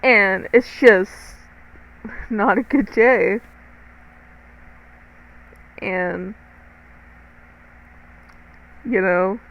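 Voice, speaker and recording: Slow-talking teenage girl telling a story. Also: medium pitch, highs cut off. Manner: chatty and dramatic, swears freely, talks straight to viewers. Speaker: storytime vlogger. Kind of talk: casual storytime narration.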